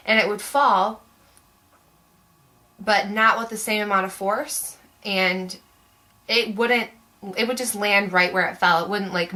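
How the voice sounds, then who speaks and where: Young woman vlogging, rambly and chatty, lots of "like", bright clear voice. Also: medium pitch, low-quality recording. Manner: chatty, rambling, many "like" fillers. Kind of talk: casual storytelling to camera.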